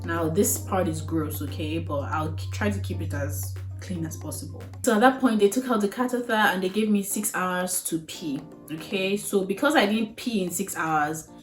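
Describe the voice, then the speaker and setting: A woman's voice: on the low side, moderate pace, hardly any pauses. A young woman vlogger telling a personal story in a candid, chatty way, full of fillers and frank asides. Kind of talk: casual storytelling to camera. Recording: roomy echo with faint music.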